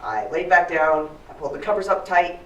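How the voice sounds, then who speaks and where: A man telling a story live to an audience in an animated, playful way, heard from far off. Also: a little high, a little fast. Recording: roomy hall, mic from far off.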